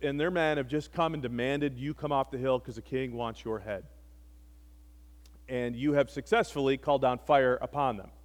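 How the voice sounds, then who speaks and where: A man preaching a sermon, retelling scripture with animated, wry storytelling asides. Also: medium pitch. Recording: long hall reverb.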